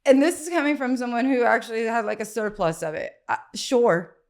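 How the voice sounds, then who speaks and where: A woman's voice: a little high, fairly quick, darkish tone. A woman guest on a podcast, talking candidly and bluntly in casual chat, with lots of "like" fillers.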